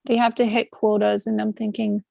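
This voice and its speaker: A woman's voice: medium pitch, moderate pace, vocal fry, no echo. A woman co-hosting a casual podcast chat, telling stories animatedly and acting out the people she quotes. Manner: lively storyteller, acts out quoted voices. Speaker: podcast co-host.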